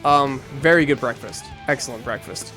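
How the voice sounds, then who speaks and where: A man's voice: medium pitch, normal speed, pushed and bright. A man co-hosting a gaming show, chatting casually and telling a rambling story, acting out the voices of the people in it. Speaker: co-host playing a video game. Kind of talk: casual chat while gaming. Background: faint game music.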